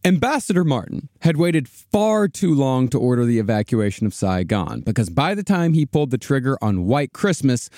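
A man's voice: mid-range voice, no echo. Man narrating history in a dry studio. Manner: steady narrating, with hesitant fillers. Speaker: podcast host telling history. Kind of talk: storytelling history podcast.

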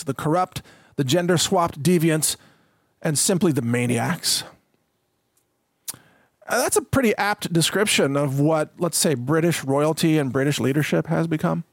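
A man delivers solo commentary in a fairly high voice, reading out quotes and then riffing on them. His talk is emphatic and loose, full of fillers and asides. The sound is dry and close, with no room around it. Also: animated, measured pace, dry recording. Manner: emphatic, conversational with frequent fillers. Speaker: political commentator.

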